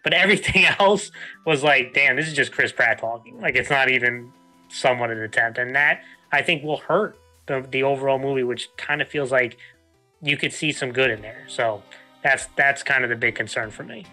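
A man speaking as a panelist in a casual roundtable, rambling and hedging his points. His tone is bright and forceful, at an ordinary pitch for a man. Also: normal speed, faint music behind, rough recording. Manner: rambling, hedging, lots of fillers.

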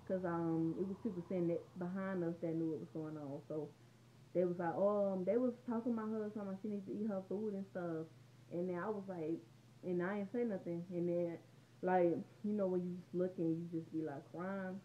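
A woman's voice: fairly low pitch, steady tone, fairly quick, mellow, a little hiss or hum. A teenage girl rambling through a casual storytime vlog at home, chatty and conversational. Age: teens. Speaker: vlogger. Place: room at home. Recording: dull lo-fi home recording.

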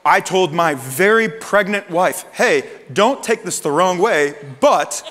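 A male pastor preaching a sermon, retelling the Bible story with lively voices for the characters. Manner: animated storytelling, acting out Peter's lines high and Jesus' lines low and soft. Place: church auditorium. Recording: long reverb of a large hall.

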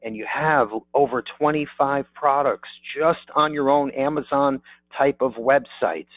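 A man's voice: medium pitch, a little slow, dry recording. A man giving an upbeat sales presentation on a webinar, checking in with his audience with repeated "okay?" asides. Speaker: insurance marketing presenter. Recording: dry, phone-like narrow audio.

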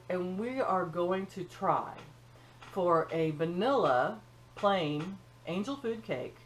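A woman's voice: on the low side, a little hiss or hum, low-quality recording. An older woman hosting her own cooking channel, talking in a folksy, chatty way with joking asides, from her home kitchen. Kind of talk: casual chat.

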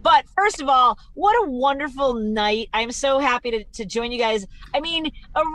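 A woman comedian and radio host from Chicago, telling animated stories over a video call from inside her parked car and acting out the voices of the people in them. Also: sits high, moderate pace, poor audio. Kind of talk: storytelling stand-up set.

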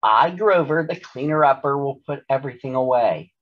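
A man's voice: mid-range voice, animated, normal speed, voice pushed up, close to an everyday voice. A man voicing a shy, eager-to-please young furry monster in a read-aloud storybook. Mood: earnest. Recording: dull lo-fi recording.

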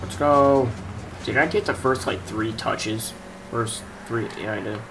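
A man's voice: on the low side, a little slow, creaky. Young man, gaming commentary, cursing and grumbling, desk mic, faint background noise. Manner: frustrated, swears a lot, mutters at opponents. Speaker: gaming youtuber. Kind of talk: swearing gameplay commentary.

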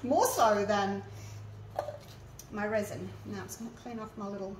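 A woman's voice: mid-range voice, fairly even intonation, moderate pace, far from the mic. Chatty woman narrating her craft. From Australia. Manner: chatty, narrates each step aloud as she works, talks to viewers directly. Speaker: resin artist showing her craft. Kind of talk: casual hands-on craft tutorial. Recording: mic a little away, faint background noise.

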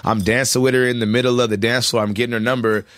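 A man's voice: mid-range voice, little pitch movement, quick pace, a bit bright, dry recording. A young man telling loose, laughing stories as a guest in a casual interview. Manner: loose storytelling, laughing, swearing. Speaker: guest, rapper.

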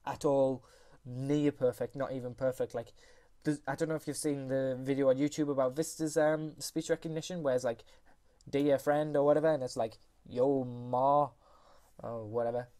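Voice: mid-range voice, warm tone. A speaker hosting a casual computer tutorial, rambling, often correcting themselves and apologizing, on a USB computer microphone. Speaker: tutorial host. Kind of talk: casual screen-recorded tutorial.

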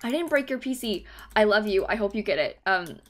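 A woman's voice: medium pitch, animated, fairly quick. Woman in her 20s, casual live stream chat, giggly, teasing, desk mic, faint hiss. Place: home room, in the UK.

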